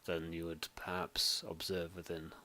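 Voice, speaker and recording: A man's voice: low-pitched, level tone, measured pace, bright, forceful tone. A man running a tabletop game as game master, chatty, with joking asides and frequent restarts.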